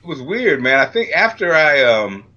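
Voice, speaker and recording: A man's voice: a little high, big pitch swings, moderate pace, bright, forceful tone, muffled recording. A middle-aged man co-hosting a casual chat, joking around and laughing easily. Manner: joking, playful, laughs readily. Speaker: podcast co-host.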